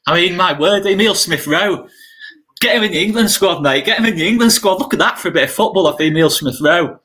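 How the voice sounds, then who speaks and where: A man co-hosting a football watchalong, chatting casually and shouting in excitement at goals. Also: high voice, quick pace. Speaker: watchalong co-host.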